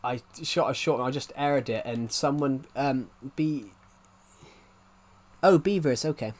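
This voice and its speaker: With a mid-range voice and a measured pace, a twenty-something man chats on his live game stream. His talk is casual and rambling, with sentences often begun again.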